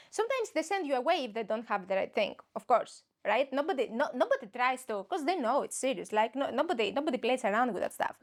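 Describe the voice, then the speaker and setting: Woman, young adult, somewhat high voice, rambling comic monologue, self-mocking, laughs a lot. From Greece. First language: Greek. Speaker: comedian podcast host. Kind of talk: comedic monologue.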